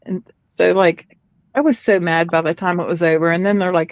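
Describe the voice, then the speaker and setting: A middle-aged woman chats casually and tells animated stories, acting out each voice she quotes. Her pitch sits in an ordinary middle range. The recording is dry and close. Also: normal speed, dry recording. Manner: animated storyteller, acts out quotes. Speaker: chat participant. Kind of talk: casual chat.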